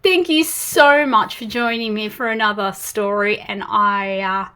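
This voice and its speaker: An Australian woman reading a picture book aloud to young children, slow and animated, with gasps of surprise. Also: medium pitch, clean tone. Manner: animated, gasping, slow and exaggerated for toddlers. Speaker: storytime host reading picture books.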